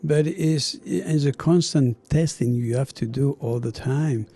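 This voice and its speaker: Man, French accent, middle-aged, chef, casual interview chat, very mellow dark tone. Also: mid-range voice, a little slow, slightly rough. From France. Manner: animated storyteller, acts out dialogue, laughs often.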